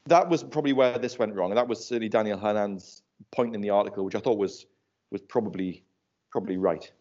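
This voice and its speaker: A man's voice: on the low side, fast, a little mellow. A man in a casual panel chat, talking loosely and laughing while he tells anecdotes. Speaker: panel guest. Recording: dull lo-fi sound.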